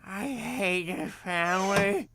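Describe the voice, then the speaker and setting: A man's voice: high voice, slow pace, gravelly, heavily acted. A man voicing a dim, grumpy mobster sidekick in a cartoon. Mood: deadpan. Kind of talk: cartoon voice acting.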